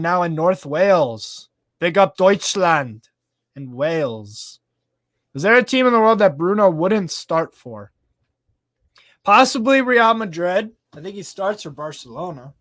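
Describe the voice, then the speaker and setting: A man hosting a casual live football stream. He reads out viewer comments in a chatty, excitable way, swears casually and laughs often. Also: sits high, a little slow, no room sound, studio quality. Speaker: live stream host reading fan chat.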